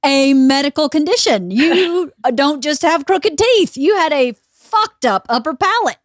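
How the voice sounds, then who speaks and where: A woman's voice: high voice, measured pace, no echo, clean studio sound. A woman in her forties hosting a podcast, telling stories in a casual chat and laughing often. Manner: animated storytelling, laughs a lot. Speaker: podcast host.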